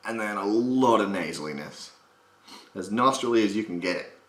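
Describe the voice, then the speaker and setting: A man with a slight gravel in his voice, giving a casual, jokey voice impression tutorial and swearing freely. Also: on the low side, normal speed, fairly bright tone. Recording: roomy echo.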